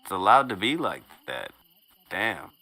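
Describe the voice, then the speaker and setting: A man's voice: fairly low pitch, very animated, a little slow, sharp tone, low-quality recording. A man co-hosting a podcast, teasing the others and running a joke into the ground in casual banter. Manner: teasing, repeats jokes. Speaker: co-host.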